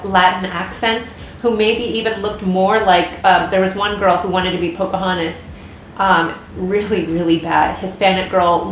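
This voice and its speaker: A woman in her thirties with an American accent, rambling through a casual vlog rant with many fillers and restarts. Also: mid-range voice. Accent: General American. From United States. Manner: chatty, frequent restarts and fillers. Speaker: vlogger. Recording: echoey room with faint noise.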